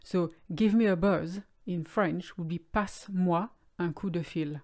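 A woman with a fairly low voice gives a calm, clear language lesson. She explains each word patiently and slows down on the key terms. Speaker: French teacher.

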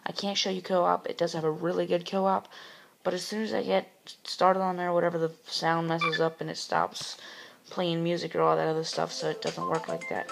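An excitable man hosting gameplay commentary, shouting and whooping, his voice getting sore. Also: on the high side, normal speed, vocal fry, over music, poor audio. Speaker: gaming channel host.

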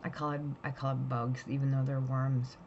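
A woman's voice: extremely low pitch, level tone, normal speed, darkish tone, muffled recording, slight background noise. A middle-aged woman telling a rambling, blunt story about her pets in a casual home vlog. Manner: chatty, blunt, rambling with restarts. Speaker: pet vlogger.

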